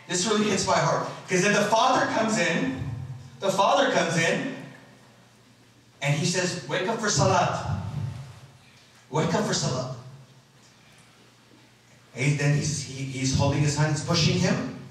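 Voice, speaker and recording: A man's voice: fairly high pitch, animated, normal speed. A man giving a religious lecture to a live audience, speaking earnestly and emotively and addressing his listeners directly. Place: school hall. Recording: very echoey hall, voice from far off.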